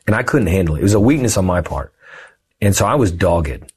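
A man in his thirties talks through a personal story as a podcast guest. His voice sits low and has a husky edge. He keeps it casual and animated, slipping into the voices of the people he quotes. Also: brisk. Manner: animated, lively storyteller who acts out quoted dialogue. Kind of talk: conversational storytelling.

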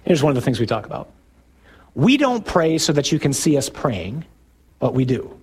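Husky, emphatic priest giving a talk. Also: male voice, mid-range voice, sing-song, moderate pace. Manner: emphatic, rising to loud bursts on key points; conversational, asks the audience questions. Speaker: Catholic priest. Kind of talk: talk to a parish men's group.

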